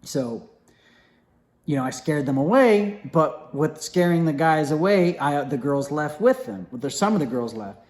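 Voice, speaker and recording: A young man telling a story in a casual, animated way, acting out what others said, with many fillers and restarts. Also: a little high, measured pace.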